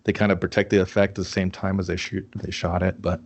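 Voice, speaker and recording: A man's voice: low-pitched, level tone, fast talker, lo-fi sound. A young man co-hosting a podcast, recapping a movie in casual, profane chat and acting out lines. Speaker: podcast co-host.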